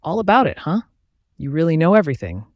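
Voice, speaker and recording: A ragged old sailor prophet, put on by a man reading the story, talking high and restless. He mocks and warns in riddles and swings his voice up and down a lot. The sound is close and dry. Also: sing-song, fast talker, dry recording. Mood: ominous. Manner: cryptic, mocking, insistent. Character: shabby, scarred old sailor, ominous rambling prophet.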